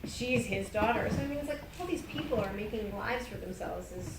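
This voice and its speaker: A woman's voice: mid-range voice, a little fast, vocal fry. A woman telling stories on a theater panel, chatty, quoting people in dialogue and laughing often. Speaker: playwright on a panel. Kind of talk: casual panel discussion. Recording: roomy, distant mic with noise.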